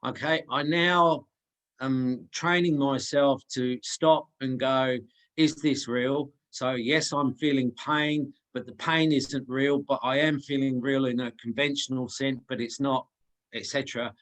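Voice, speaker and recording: A man asking a question over a video call, hesitant and halting as he works it through. He keeps restarting words and stumbling toward his point, in an ordinary mid-range voice. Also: medium pitch, fairly even intonation, fairly bright tone, rough recording.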